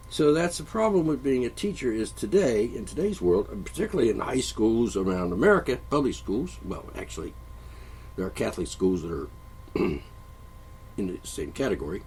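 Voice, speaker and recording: A man hosting a solo monologue show, rambling and profane, often stopping to clear his throat. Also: lowish voice, very animated, normal speed, a little mellow, slight background noise, low-quality recording. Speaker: podcast host.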